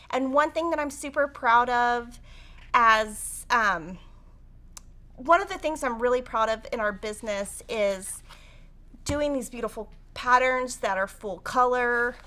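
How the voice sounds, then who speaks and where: A middle-aged woman hosting a quilting livestream in a chatty, excitable way, with lots of "um" and "like" as she talks. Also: fairly high pitch. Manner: chatty and excitable, with many "um" and "like" fillers. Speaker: host of a quilt shop livestream. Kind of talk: casual live-stream chat and quilting tutorial.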